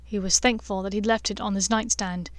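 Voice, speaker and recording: A woman's voice: medium pitch, fairly even intonation, a little fast, dry recording. Dry, close-miked woman narrator. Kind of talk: fan-fiction audiobook narration.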